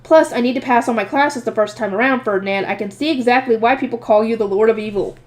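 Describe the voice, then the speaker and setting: A woman reading a light novel aloud in first person, lively and expressive, voicing the narrator's asides. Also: a little high, quick pace. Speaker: audiobook reader.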